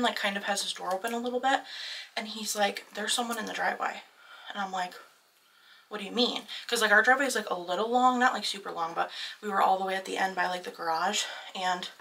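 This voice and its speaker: A woman's voice: medium pitch, far from the mic, slight background noise, poor audio. A young woman vlogger telling a storytime in casual, chatty talk, full of "like" fillers. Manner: chatty, lots of "like" fillers, excitable.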